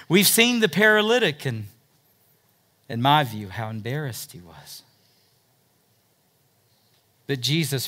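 Bright-voiced man preaching a sermon. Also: medium pitch. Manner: preaching with swings from loud emphasis to hushed asides. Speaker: pastor.

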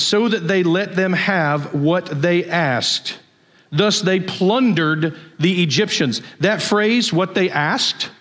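A pastor delivers a sermon in a loose, conversational way. He tells stories and puts questions to his listeners. His voice sits somewhat high for a man. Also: fairly bright tone. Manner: storytelling, conversational, asks the audience questions.

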